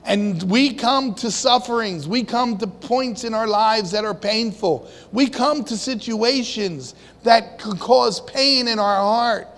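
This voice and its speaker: This preacher has a high, fairly bright voice and speaks slowly with few pauses. Heard through long hall reverb, he keeps his sermon conversational, putting questions to the congregation and acting out the figures in the story.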